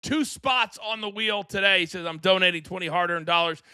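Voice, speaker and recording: Bright, energetic male talk-show host. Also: high-pitched, smooth, no echo, studio quality. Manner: energetic, fast promo-style delivery. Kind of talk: live wrestling talk show. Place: studio.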